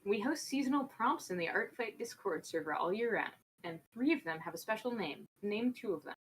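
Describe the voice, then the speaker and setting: A woman's voice: mid-range voice, expressive, brisk, a little hiss or hum. A woman hosting a livestream trivia game, upbeat and a bit scatterbrained. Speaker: game show host.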